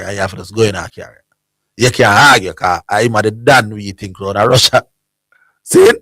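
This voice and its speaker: A man with a Jamaican accent hosting a sports call-in radio show, telling an animated anecdote in creole and chuckling often. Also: lowish voice, no room sound. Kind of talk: casual storytelling on call-in radio.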